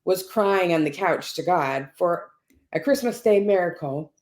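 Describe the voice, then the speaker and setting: Guest, female, lower register, earnest conversational storyteller who keeps checking in with the listener. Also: measured pace, darkish tone, a little hiss or hum.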